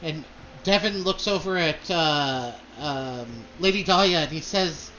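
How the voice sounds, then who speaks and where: A man's voice: fairly high pitch, unhurried, pushed and bright, lo-fi sound, a little hiss or hum. A man narrating a tabletop game as game master, describing scenes with many fillers.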